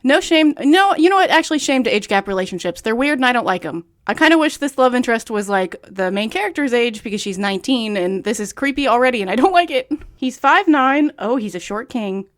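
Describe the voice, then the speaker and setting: A woman's voice: a little high, lively intonation, a little fast, hardly any pauses. A young woman reading a book aloud and breaking in with sarcastic, nitpicky commentary in a casual tone.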